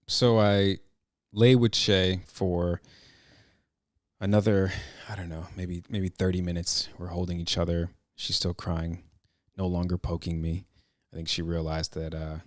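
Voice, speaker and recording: A man hosting a podcast, telling a personal story in an earnest, reflective way, halting and restarting his sentences. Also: low-pitched, dry recording, studio quality. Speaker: podcast host.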